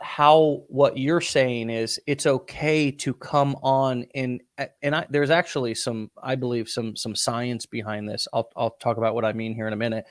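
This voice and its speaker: A man hosting an interview, speaking emphatically, restarting phrases and breaking into bursts of excitement. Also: medium pitch. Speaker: host.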